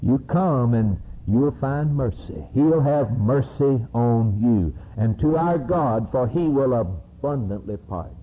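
Male preacher, husky and unhurried, with wide-ranging dramatic inflection. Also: animated. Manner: slow, emphatic preaching that rises to high-pitched climaxes. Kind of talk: sermon. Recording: narrow, phone-like recording.

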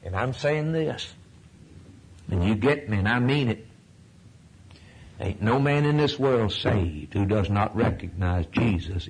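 A man preaching a sermon in a folksy, repetitive way, swinging from loud declarations to hushed near-whispers. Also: lowish voice, animated, measured pace, long pauses, a little hiss or hum.

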